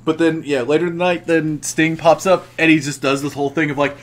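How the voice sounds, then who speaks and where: A man's voice: a little high, little pitch movement, brisk, hardly any pauses. Rambling young man recapping wrestling. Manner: rambling, many restarts, laughs while telling. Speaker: podcast co-host. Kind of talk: casual chat recapping wrestling.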